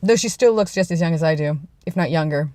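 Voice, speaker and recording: A woman's voice: low-pitched, fast, dry recording. A young adult woman telling rambling, self-deprecating stories in a casual vlog. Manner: rambling, self-deprecating, drops to a hush for quoted lines. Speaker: vlogger.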